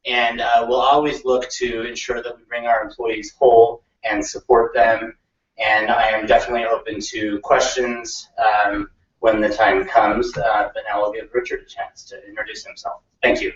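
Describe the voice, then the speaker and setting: A man's voice: mid-range voice, little pitch movement, moderate pace. A man and county council candidate giving an informal campaign speech with many fillers to a meeting room. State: out of breath. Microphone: podium mic. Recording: roomy, distant, dull lo-fi sound.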